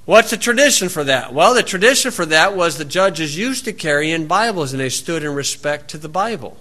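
A man's voice: fairly high pitch, lively intonation, fairly quick, sharp tone. A man preaching a sermon, reading scripture aloud and breaking in with folksy, sarcastic asides. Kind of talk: sermon, Bible reading with commentary.

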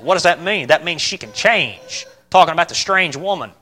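A man preaching a sermon, asking his listeners questions and swinging between loud emphatic bursts and quiet, calm lines. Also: on the high side, moderate pace, few pauses. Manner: asks the listeners rhetorical questions.

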